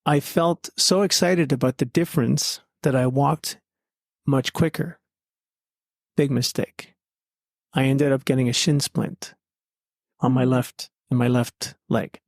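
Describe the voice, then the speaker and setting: Slowly and with frequent pauses, a podcast guest tells stories from his own life in a sincere, heartfelt manner. His mid-pitched voice is steady and slightly mellow, recorded close up and dry with no echo from the room.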